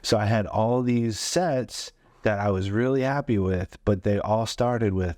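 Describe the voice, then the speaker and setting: A comedian in his forties spins loose, rambling anecdotes, full of "uh" and "like". His voice sits very low, and the sound is close and dry, with no room in it. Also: unhurried, darkish tone, no echo. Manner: loose, rambling, many fillers. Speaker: guest comedian. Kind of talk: casual storytelling.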